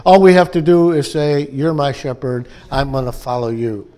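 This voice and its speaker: A man's voice: medium pitch, steady tone, normal speed, few pauses, mellow. A pastor from upstate New York delivering a conversational sermon to his church, often checking in with the congregation by asking "okay?" and "amen?".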